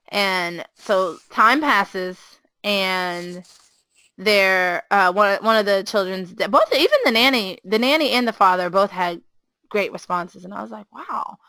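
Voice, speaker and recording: A woman talks with a bright, forceful voice. She tells stories in a lively way and jumps up in pitch whenever she quotes a child or a parent. The sound is dry and close, with no room echo. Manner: animated storyteller, acts out quotes with a higher voice. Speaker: preschool teacher. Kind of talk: casual storytelling chat.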